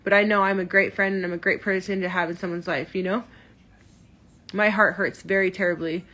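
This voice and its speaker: Woman in her thirties, husky voice, hurt and defensive, talking into her phone. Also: mid-range voice, fairly even intonation, a little fast, pushed and bright. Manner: emotional, hurt and defensive, many restarts. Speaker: livestreamer. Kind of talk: upset livestream rant. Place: in her car.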